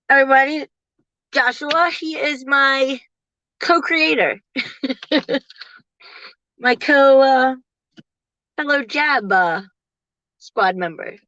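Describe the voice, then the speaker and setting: A woman in her forties chatting casually to viewers from her parked car, laughing often and getting animated when she quotes people. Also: sits high, slow pace, long pauses, no echo, dull audio. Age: 40s. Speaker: livestream host.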